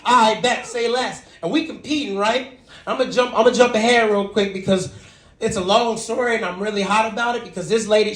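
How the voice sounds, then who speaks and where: A man performing a stand-up comedy set, telling a story and acting out the people in it. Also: sits high. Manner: animated storytelling, acts out characters. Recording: echoey venue with audience laughter. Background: audience laughter.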